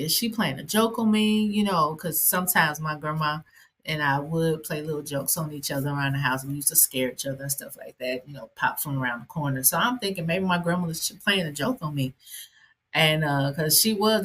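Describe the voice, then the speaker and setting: Low, husky-voiced woman telling her story. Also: pushed and bright. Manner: conversational, with frequent fillers and asides. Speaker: podcast host and ordained minister. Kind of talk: personal storytelling monologue.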